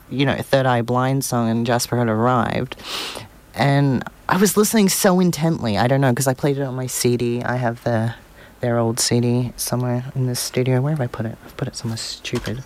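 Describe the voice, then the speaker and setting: A man's voice: mid-range voice, steady tone, brisk, no echo. A man hosting community radio from a small studio, rambling along with a self-deprecating edge. His voice sits in a middle register. The studio mic sounds close and completely dry. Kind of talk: casual on-air chat. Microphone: studio microphone.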